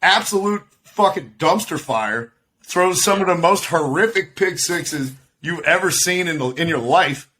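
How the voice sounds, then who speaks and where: On a video call, a podcast co-host riffs on sports in a joking, profane way, laughing often during the casual chat. His voice is fairly high for a man, animated and sharp in tone, with a measured pace.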